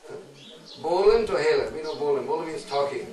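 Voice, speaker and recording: A man guiding a pilgrimage, telling devotional stories in an animated, laughing way with teasing asides. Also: fairly high pitch, fairly quick. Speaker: pilgrimage guide and storyteller. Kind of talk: devotional storytelling sermon. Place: outdoor pilgrimage group. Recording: distant echoey recording with crowd.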